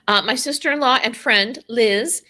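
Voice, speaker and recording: A woman's voice: on the high side, normal speed, sharp tone. Woman cohost chatting casually on a podcast, earnest, stops and restarts a lot. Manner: earnest, with filler words and restarts. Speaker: podcast co-host. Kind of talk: casual chat.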